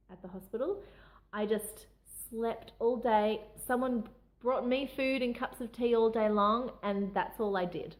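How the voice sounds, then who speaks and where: Candid young woman telling a personal story. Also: medium pitch. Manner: candid, emotional, restarts sentences often. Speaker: vlogger.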